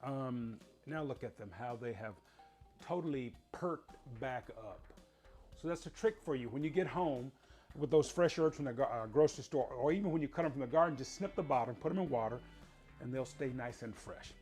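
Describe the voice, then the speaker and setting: A man's voice: mid-range voice, normal speed, darkish tone, soft background music. A middle-aged man hosting a cooking show, chatty and playful, talking straight to his viewers as he cooks. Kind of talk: casual cooking demonstration.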